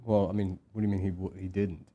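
A man co-hosting a podcast, arguing in a deadpan, bickering way during casual comedic banter. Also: deep voice, quick pace, slightly rough, highs cut off. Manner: deadpan, argumentative. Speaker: podcast co-host.

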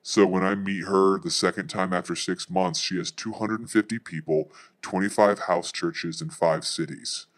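A man, a pastor, telling a testimony story in a fast, narrative way. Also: deep voice, fairly even intonation.

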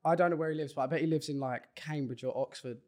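A man's voice: fairly high pitch, steady tone, quick pace, a little mellow. A young man co-hosting a podcast, jokey and self-conscious, laughing a lot. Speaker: podcast co-host. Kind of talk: casual chat.

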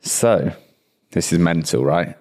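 A man's voice: low voice, slow, darkish tone. A man co-hosting a podcast in casual, crude banter, swearing and joking as he explains facts. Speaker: podcast co-host.

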